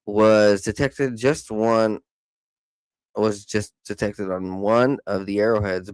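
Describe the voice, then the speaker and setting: A man hosting a podcast, reading news articles aloud with casual joking asides, stumbling over hard words, and saying he is high. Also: a little mellow, no echo. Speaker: podcast host.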